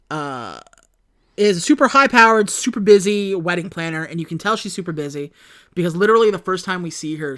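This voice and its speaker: A young woman co-hosting a podcast, recapping a movie in casual chat, animated and swearing freely. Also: sits low, no room sound, studio quality. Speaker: podcast co-host.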